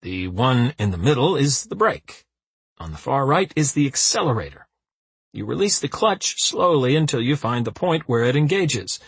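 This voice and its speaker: A man doing a gruff, grumpy older driving teacher. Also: medium pitch, big pitch swings, normal speed, dry recording. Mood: instructing. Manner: gruff, clipped, through gritted teeth.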